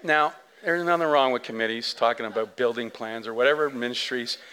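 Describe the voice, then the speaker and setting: Animated storytelling male pastor. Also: mid-range voice, a little fast. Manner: animated storytelling, big swings from soft to loud; conversational, many fillers and asides. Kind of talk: sermon.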